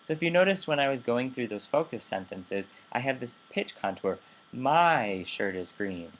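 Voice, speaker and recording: A man's voice: mid-range voice, very animated, fairly quick, slight background noise. A man giving a recorded linguistics lecture, explaining carefully and often correcting himself mid-sentence. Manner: explanatory, with frequent restarts and self-corrections.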